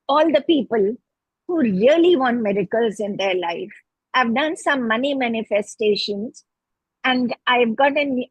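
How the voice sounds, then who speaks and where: A middle-aged woman with an Indian English accent speaks a heartfelt testimonial with devotional fervor. Her voice is husky and a little breathy, pitched somewhat high, and she talks very slowly. The sound is dry and close. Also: dry recording, low-quality recording. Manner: fervent, grateful, devotional. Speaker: healing student giving a testimonial. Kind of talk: spoken testimonial.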